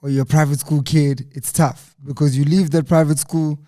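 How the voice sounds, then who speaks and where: A man from South Africa hosting an interview, relaxed and slangy, agreeing with his guest. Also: a little high, moderate pace. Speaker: interview host. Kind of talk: casual interview chat.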